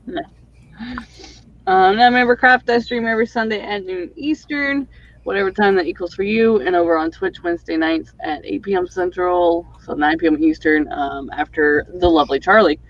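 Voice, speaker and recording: A woman's voice: on the low side, normal speed, dry recording, highs cut off. A woman hosting a writing livestream, chatting casually and rambling with lots of fillers over a video call. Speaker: livestream host and author.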